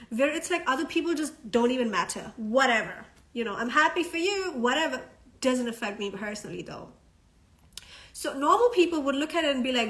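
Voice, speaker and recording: A woman's voice: sits high, fairly bright tone. A woman coaching on a casual live stream, chatty and frank, swearing now and then and checking that listeners follow. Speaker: self-development coach.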